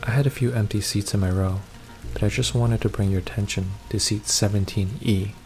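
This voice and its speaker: A man narrating a first-person horror story in a steady, measured reading. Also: lowish voice, soft background music.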